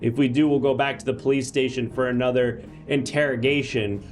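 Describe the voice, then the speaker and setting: A man's voice: mid-range voice, steady tone, darkish tone, faint music behind, close to an everyday voice. A man playing a chatty courtroom judge who hosts a live comedy stream and thanks viewers. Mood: upbeat. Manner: brisk, thanks viewers, reads chat. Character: male courtroom judge, chatty show host.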